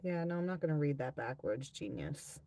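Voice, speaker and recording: A woman's voice: deep voice, expressive, brisk, warm tone. A woman hosting a live tarot-reading stream, chatting casually with viewers, reading out their comments and swearing freely.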